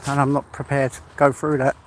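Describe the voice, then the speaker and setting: A man's voice: mid-range voice, completely flat delivery, brisk. A middle-aged English man chatting casually as he walks his dog, rambling and talking to the dog now and then. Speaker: vlogger walking his dog. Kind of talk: casual vlog chat. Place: outdoors in the countryside by a river. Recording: clear outdoor background noise.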